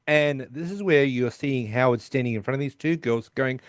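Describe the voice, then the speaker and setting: A man's voice: medium pitch, moderate pace. A man co-hosting a podcast, casually recapping a sitcom episode and quoting lines from its scenes. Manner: retells scenes with quoted lines. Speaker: podcast co-host.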